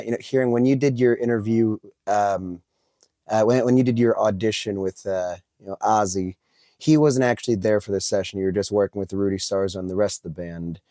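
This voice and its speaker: A man hosting an interview, asking questions in a relaxed way with hesitant fillers. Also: fairly low pitch, no room sound, clean studio sound. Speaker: podcast host.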